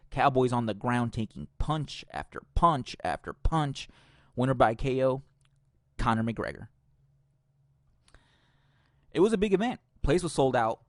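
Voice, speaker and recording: A man's voice: mid-range voice, no echo, clean studio sound. A man hosting a podcast, ranting casually and profanely with strong opinions. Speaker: podcast host.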